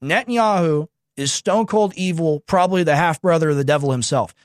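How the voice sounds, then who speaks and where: A man hosting a show, reacting to news clips with sarcastic, mocking political commentary and telling the producer when to pause. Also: fairly high pitch, no room sound, clean studio sound.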